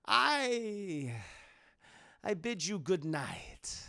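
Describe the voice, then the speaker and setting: A man voicing a suave male vampire count who speaks slowly and formally, with smooth, polite apologies. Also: sits high, big pitch swings, pushed and bright, full character voice. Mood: smooth courtly.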